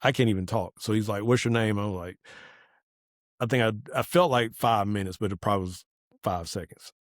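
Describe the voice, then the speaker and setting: A man's voice: fairly low pitch, brisk, dry recording, studio quality. A man, a podcast guest telling a personal testimony in casual conversation, earnest and acting out the dialogue he quotes.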